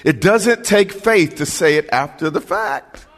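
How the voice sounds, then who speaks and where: A man's voice: a little high, lively intonation, unhurried. Emphatic male preacher in a reverberant hall. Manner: emphatic, swings from hushed to shouting. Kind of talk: sermon.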